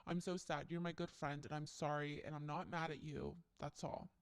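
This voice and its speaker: A woman voicing a young woman who gives a halting, pleading apology to a friend. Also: sits low, steady tone, over a noisy crowd, voice pushed down, natural voice. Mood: remorseful.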